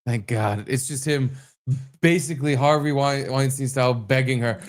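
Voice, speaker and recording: A man's voice: mid-range voice, normal speed. A man co-hosting a podcast, chatting casually and joking crudely while reading messages aloud in mocking voices. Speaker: podcast co-host.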